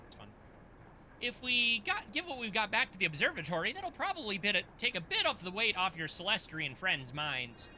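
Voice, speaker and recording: A man's voice: high voice, very animated, moderate pace, sharp tone, a little hiss or hum, poor audio. A man giving casual, jokey commentary while playing a video game and reading its text aloud. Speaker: gaming channel host. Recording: game music underneath.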